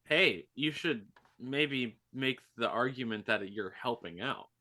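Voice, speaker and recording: A man's voice: medium pitch, expressive, measured pace, bright, forceful tone. A man playing a tabletop game over a video call, playful and jokey. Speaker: player.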